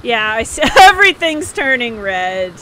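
A woman livestreaming herself playing a game with a friend, chatty and excitable, laughing and yelping often. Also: fairly high pitch, a little slow. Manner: giggly, excitable, frequent laughs and yelps. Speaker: livestream host. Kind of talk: casual gameplay chat.

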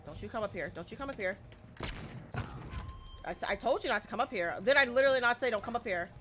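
A woman doing let's play commentary, excitable, panicking and swearing, often repeating herself. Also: a little high, fast, over music. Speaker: gaming YouTuber.

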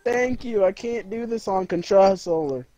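A young man chatting casually and joking while playing a game with friends, excitable and quick to laugh. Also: fairly high pitch. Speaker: gamer. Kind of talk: casual gaming chat.

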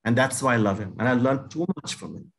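A man's voice: mid-range voice, quick pace, gravelly. A man speaking as a guest on stage, telling stories in an emphatic, effusive way. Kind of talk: casual storytelling on stage.

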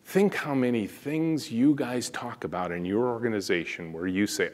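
A man with a deep booming voice delivering a conference keynote as a company founder, telling stories in an animated way. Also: moderate pace. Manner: animated, storytelling, acts out dialogue. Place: conference stage.

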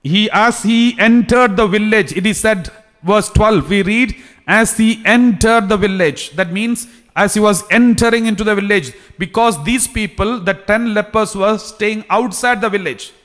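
A man, a priest, preaching a sermon slowly, repeating phrases and restarting sentences. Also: high voice, a bit bright. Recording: long reverb, hall.

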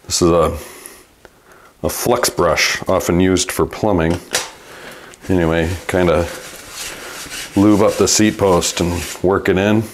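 A Midwestern man with a very low voice talks slowly through a bike repair, explaining each step in an easygoing, matter-of-fact way. Faint hiss sits under his voice in the workshop. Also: fairly even intonation. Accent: Midwestern American. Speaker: bike mechanic. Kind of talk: casual workshop narration.

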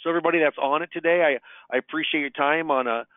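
A man's voice: fairly high pitch, steady tone, very fast, dry recording. A man from Nebraska, a financial advisor, chatting on a webinar in an upbeat way, repeating words as he goes. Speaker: financial advisor and radio show host. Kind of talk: casual webinar talk. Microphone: phone line. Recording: tinny phone-line audio, dry.

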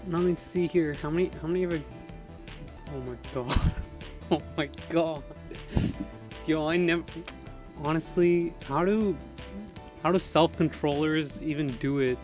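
Excitable young male streamer. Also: a little high, a little slow, pauses often, soft background music. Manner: excitable, panicky, laughing often. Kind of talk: gaming livestream chat.

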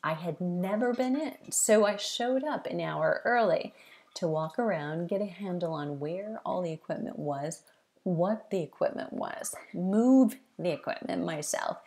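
A woman's voice: lowish voice, lively intonation, measured pace, a little mellow. A middle-aged woman giving conversational advice to fitness trainers, with frequent asides and repeated list items. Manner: conversational, with frequent "you know" and list-like repetition. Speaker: fitness business coach.

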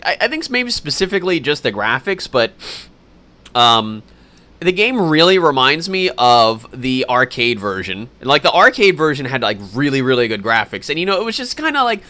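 A young man's slightly high voice, pushed and bright, carries his casual live-stream chatter as a game streamer. He responds to viewers in a halting, rambling manner with frequent fillers and restarts, over faint game music.

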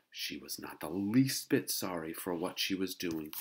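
A man reading a children's book aloud to listeners, expressive and playful with the sound effects. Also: low voice, unhurried, few pauses, background noise. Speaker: storybook reader.

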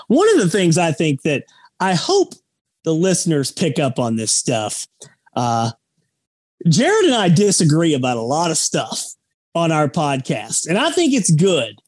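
A man's voice: on the high side, wildly swooping pitch, unhurried, no echo. A man co-hosting a sports podcast, talking bluntly and emphatically in a joking, casual way. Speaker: podcast co-host.

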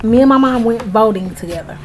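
A woman's voice: a little high, fairly quick, slight background noise, low-quality recording. Outraged young woman ranting to camera. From United States. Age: early 20s. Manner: outraged, emphatic, talks straight to viewers. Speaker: vlogger. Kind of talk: casual ranting vlog to camera.

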